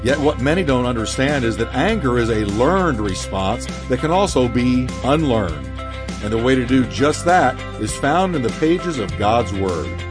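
A man preaching a sermon to a congregation, emphatic and dramatic, slowing down and speeding up for effect. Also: sing-song, big-room sound, music in the background. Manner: emphatic preaching with sweeping pitch swings and dramatic slowdowns. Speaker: pastor. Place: church sanctuary.

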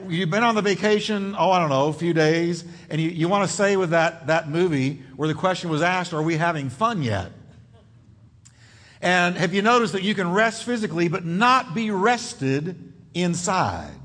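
Expressive high-voiced male preacher, hall echo. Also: husky. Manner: expressive preaching with sudden drops and rises in pitch. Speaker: pastor. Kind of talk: sermon.

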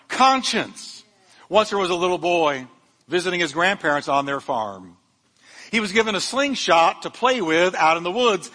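Guy pastor preaching hard, bright voice, big reverb like a church, cracks a few jokes. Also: high-pitched. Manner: fervent preaching with humorous asides. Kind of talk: sermon. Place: church sanctuary.

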